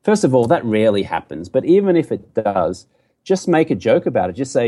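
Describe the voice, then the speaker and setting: A middle-aged Australian man, a podcast guest, talking in an animated, joking and emphatic way. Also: mid-range voice, a little fast. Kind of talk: casual podcast conversation.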